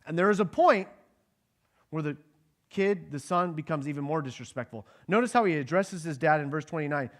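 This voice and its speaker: In a fairly high voice with lively intonation, a man preaches to a congregation a little fast, teaching a Bible passage like a conversation. He asks the listeners questions and acts out what the people in the passage say.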